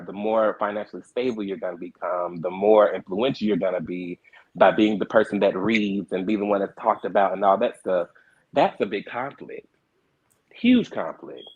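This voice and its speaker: Low husky man, earnest and reflective. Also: muffled recording. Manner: earnest, reflective, repeats words as he restarts. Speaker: guest, reality show cast member and producer. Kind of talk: candid panel discussion.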